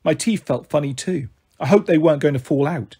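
Male storyteller, brisk first-person read, husky and a touch high. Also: mellow. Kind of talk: reading a children's novel aloud.

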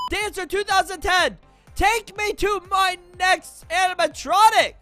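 A woman's voice: high voice, very animated, moderate pace, music in the background. A woman from Boston, a YouTuber, giving playful, rambling commentary while showing character voices in a game. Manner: playful and rambling, with frequent laughs.

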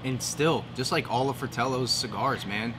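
A man's voice: medium pitch, moderate pace, background noise. A man co-hosting a cigar review, chatting in a playful, rambling way. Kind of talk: casual chat.

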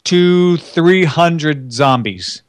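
A man's voice: on the high side, animated, drawn-out words, no room sound. A man in a casual comedy podcast chat, dropping dry one-liners. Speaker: podcast co-host.

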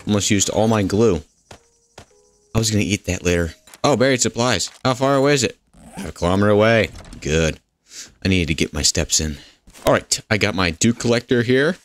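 This man's voice is on the low side, with lively intonation and a slightly quick pace. He's a gaming host giving goofy, relaxed commentary on his play, joking around, rambling and answering back to the in-game characters.

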